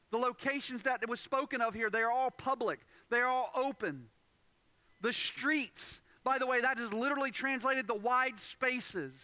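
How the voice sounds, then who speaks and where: A man preaching a sermon, emphatic, repeating key phrases and building up to loud points. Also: very high-pitched, dry recording. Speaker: pastor.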